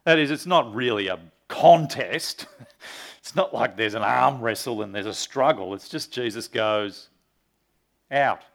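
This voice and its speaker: A man's voice: medium pitch, measured pace, creaky. Male pastor preaching. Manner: earnest teaching tone, asks the audience questions, reads scripture aloud. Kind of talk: sermon.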